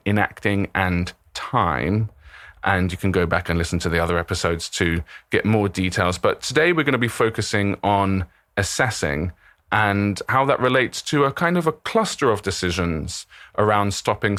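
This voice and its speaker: A man's voice: fairly low pitch, a bit bright, no room sound, studio quality. A man hosting a podcast, introducing the show and chatting casually with his guest. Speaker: podcast host.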